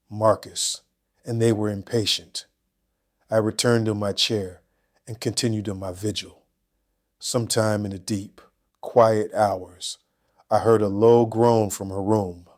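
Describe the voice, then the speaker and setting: Older male narrator, lowish pitch, reading a first-person story with calm, cold deliberation.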